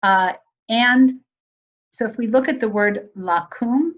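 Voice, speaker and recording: A woman's voice: on the high side, takes it slowly, highs cut off. A woman presenting a virtual teacher training session in a conversational, explanatory way, putting questions to her audience.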